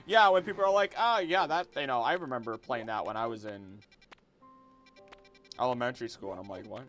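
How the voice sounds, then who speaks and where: A man's voice: medium pitch, a little fast, a bit bright, soft background music. A man in his twenties chatting casually to his viewers while playing a game, rambling and repeating himself as he reacts. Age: 20s. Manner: rambling, repeats words, talks to chat. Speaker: streamer. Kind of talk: casual gameplay livestream chat.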